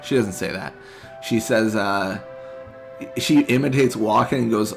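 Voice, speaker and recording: A man streaming a video game, chatting casually in a relaxed, rambling way with lots of filler words. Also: fairly low pitch, measured pace, vocal fry, soft background music. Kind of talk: casual live-stream chat.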